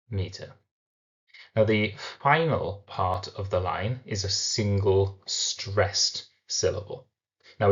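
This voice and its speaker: A man teaching a recorded literature lesson, explaining step by step and slowing down to sound out syllables. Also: on the low side, muffled recording.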